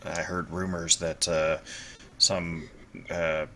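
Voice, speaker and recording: A man with a very deep, flat voice speaks in character at a tabletop game, bright in tone and halting, with plenty of "uh"s. A faint noise runs underneath. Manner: hesitant, halting, many fillers. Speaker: player.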